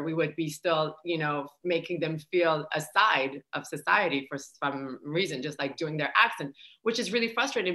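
A woman comedian with a low but bright voice. She talks hesitantly, filling her thoughts with uh's and restarts, as a guest in a casual panel chat.

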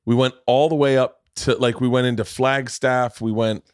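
A man's voice: medium pitch, fairly even intonation, moderate pace, clear, resonant tone, no echo, studio quality. A man from Florida hosting a podcast, telling a story in a loose, profane, rambling way. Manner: rambling, profane, self-interrupting. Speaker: podcast host. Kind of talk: casual storytelling chat.

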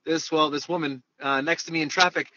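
A man from New Jersey, a baseball reporter joining a podcast by phone from his car, chatting in a joking, halting way. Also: on the high side, fairly even intonation, pushed and bright, muffled recording. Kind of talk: casual podcast chat. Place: in a car, driving.

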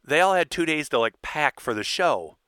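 A man co-hosting a casual chat show, joking and throwing in quick asides. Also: fairly high pitch, expressive, pushed and bright, clean tone, dry recording, clean studio sound. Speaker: podcast co-host. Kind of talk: casual banter.

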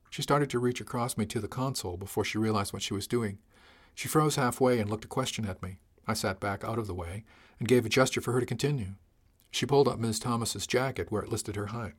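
A man's voice: fairly low pitch, brisk. Man narrating a story in first person. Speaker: audiobook narrator.

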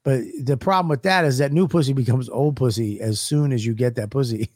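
A man's voice: medium pitch, brisk, a little mellow. A man co-hosting a podcast, trading brash, profane jokes in casual banter. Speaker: podcast co-host. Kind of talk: crude comedic banter.

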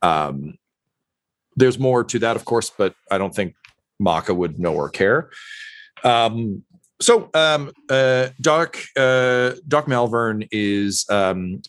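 A man's voice: fairly low pitch, takes it slowly, no room sound. A man narrating a tabletop game as game master, hesitant with many "um" and "uh" fillers.

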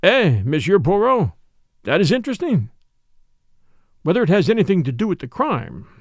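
A smooth, apologetic police official who soothes and persuades with formal courtesy, as a male reader voices him. The voice carries a gravelly grain and sits close and dry on the mic. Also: high-pitched, big pitch swings, normal speed, dry recording, heavily acted. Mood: soothing.

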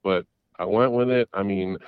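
A man's voice: on the low side, moderate pace, clear, resonant tone, no echo. A middle-aged man, calling in, tells a long story in a rambling way, with restarts and repeated words. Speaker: caller. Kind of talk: casual storytelling. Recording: dull lo-fi audio.

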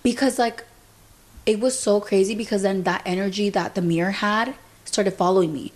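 A young woman hosts a podcast and talks in a loose, chatty way. She peppers her sentences with "like" and retells what happened by quoting people. Her voice sits at an ordinary middle pitch for a woman. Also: fairly even intonation, moderate pace. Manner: chatty, fills speech with "like", retells events through quoted dialogue. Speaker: podcast host. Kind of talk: casual storytelling chat.

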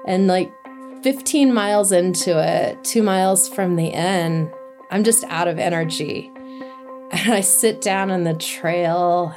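A woman telling a personal story in a casual, lively way, laughing now and then and acting out what was said. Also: lowish voice, slow, over music. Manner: lively, laughs while telling, acts out quotes. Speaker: interviewee telling a hiking story.

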